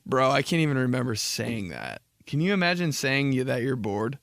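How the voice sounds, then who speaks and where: A man's voice: medium pitch, big pitch swings, normal speed, gravelly, fairly bright tone. A young man riffing alone into the mic, rambling loosely with lots of slang and cursing in an everyday mid-range voice. The sound is dry and close, with no room echo. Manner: rambling, slangy, heavy swearing. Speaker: podcast host. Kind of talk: casual comedic monologue.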